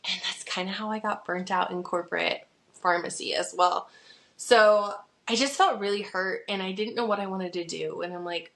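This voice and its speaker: A woman's voice: mid-range voice, fairly even intonation, normal speed, a bit bright. A woman in her thirties hosting a podcast, telling her own story candidly in a chatty way, full of "like" fillers. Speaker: podcast host. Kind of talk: casual personal storytelling.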